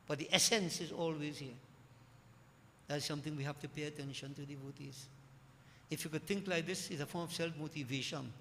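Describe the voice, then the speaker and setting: A man preaching a sermon to devotees, emphatic and repeating key phrases, swelling louder on his main points. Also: a little high, fairly even intonation, normal speed, a little hiss or hum. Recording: echoey hall with faint ambience.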